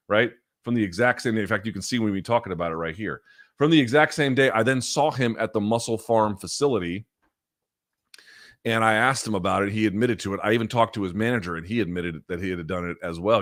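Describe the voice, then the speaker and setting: A man hosting a podcast, telling a story in a casual, animated, profane way. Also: fairly low pitch, no room sound, clean studio sound. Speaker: podcast host.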